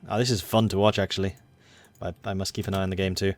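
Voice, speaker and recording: A man's voice: low-pitched, flat delivery, fast. A man streaming a strategy game, reading the event text in a put-on American accent that slips now and then, with chatty asides to his viewers. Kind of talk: live gameplay commentary.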